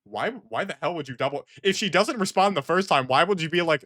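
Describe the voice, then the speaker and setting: Exasperated, rambling man, bright voice. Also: on the high side, lively intonation, fairly quick, no echo, studio quality. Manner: rambling, exasperated, frequent restarts. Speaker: online commentator. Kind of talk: comedic reaction commentary.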